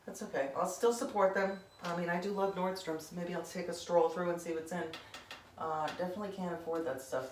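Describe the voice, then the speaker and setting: A woman in her forties from Connecticut, USA, works as an art instructor and teaches a painting lesson. She rambles chattily and often checks in with "okay?". Her fairly low voice sounds reverberant and far from the mic.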